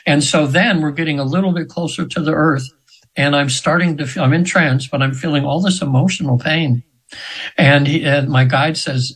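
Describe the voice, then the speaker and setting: A man's voice: a little high, fairly even intonation, normal speed, a bit bright, slightly rough, rough recording. A man in his seventies, a guest on a radio show, earnestly telling a spiritual story in a rambling way with many restarts. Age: 70s.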